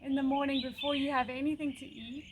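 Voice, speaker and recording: A woman yoga teacher giving slow, calm, soothing breathing instructions with pauses. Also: sits high. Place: outdoors by a country lane. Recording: outdoor noise with birdsong. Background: birdsong.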